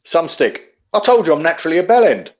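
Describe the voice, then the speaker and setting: A man's voice: on the high side, very animated, quick pace, dull audio. A man in casual chat, joking and teasing his friends. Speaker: livestream co-host.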